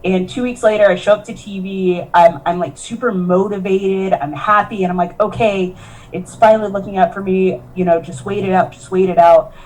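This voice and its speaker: A woman's voice: mid-range voice, steady tone, fairly quick, a little mellow, poor audio. A woman, a professional wrestler, telling her story in a candid interview, earnest and emotional, often quoting herself and others. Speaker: professional wrestler, podcast guest.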